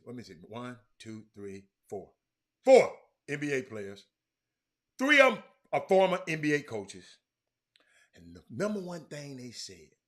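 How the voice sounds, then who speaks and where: Hosting a laid-back sports talk stream, this middle-aged man speaks at medium pitch with a sharp tone. He often sinks to a mutter while reading out comments from viewers.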